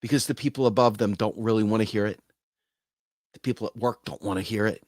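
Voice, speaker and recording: A man's voice: lowish voice, steady tone, fast talker, darkish tone, no room sound, studio quality. A man hosting a casual talk to camera, earnest and speaking plainly, sometimes acting out other people's voices. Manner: earnest, acts out quoted voices. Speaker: host.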